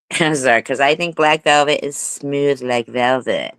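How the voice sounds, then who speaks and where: A woman's voice: very deep voice, measured pace, a bit bright, clean tone, no room sound. A woman hosting a casual live stream, giggling often, swearing freely and breaking into playful bits of song. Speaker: livestream host.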